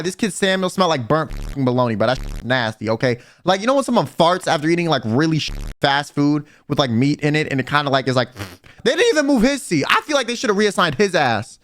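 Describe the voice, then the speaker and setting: A young man telling a personal storytime in casual, profane slang, animated and blunt. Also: on the high side. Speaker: vtuber and livestreamer. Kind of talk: storytime rant.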